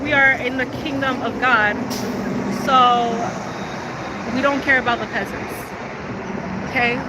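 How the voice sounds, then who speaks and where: A woman with a high voice chats on a phone livestream, boastful and sassy, with a laugh never far off. She is recorded outdoors near traffic, and the street noise comes through clearly. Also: fairly even intonation, measured pace. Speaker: livestreaming influencer. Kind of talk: casual livestream chat.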